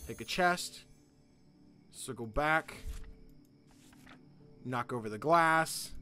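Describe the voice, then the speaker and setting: A man hosting a gaming channel, thinking out loud in goofy, excitable let's play commentary. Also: mid-range voice, drawn-out words, pauses often, soft background music.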